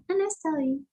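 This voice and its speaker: A woman's voice: sits high, warm tone, low-quality recording. A woman whose first language is Spanish, practicing as a student in an English lesson, hesitant and repeating phrases.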